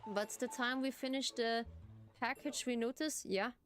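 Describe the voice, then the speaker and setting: A woman's voice: a little high, steady tone, moderate pace, soft background music. A woman streamer with German as her first language, reading game text aloud and chatting while she plays, giggling and restarting words. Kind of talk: live game playthrough commentary.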